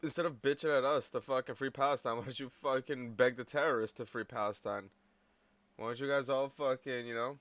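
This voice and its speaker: A man's voice: medium pitch, fairly bright tone, no echo. A man streaming a reaction video, talking bluntly and swearing a lot, calling people dude and bro. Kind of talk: profane reaction commentary.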